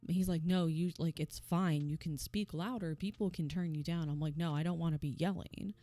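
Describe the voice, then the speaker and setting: A young woman streamer chatting casually at her home setup, soft-spoken and full of "like" and little laughs. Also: low voice, fairly even intonation, moderate pace, no echo, faint music behind. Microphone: desk microphone.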